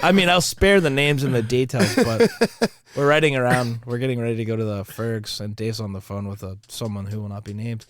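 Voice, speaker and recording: A man's voice: medium pitch, fairly quick, dry recording, studio quality. A man co-hosting a podcast in crude, casual banter, joking and often putting on voices. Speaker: podcast co-host.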